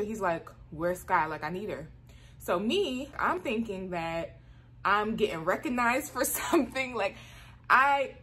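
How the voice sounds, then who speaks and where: A woman telling a story in a casual vlog, animated, full of "like" fillers, her voice jumping up into high squeals as she exclaims. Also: husky. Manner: frequent "like" fillers.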